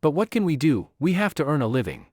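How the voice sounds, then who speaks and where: Guy reading as a smooth coaxing servant dude, friendly, dry sound. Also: on the high side, very animated, fast talker, darkish tone, no echo, voice pushed up. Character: quick-witted smooth-talking male servant.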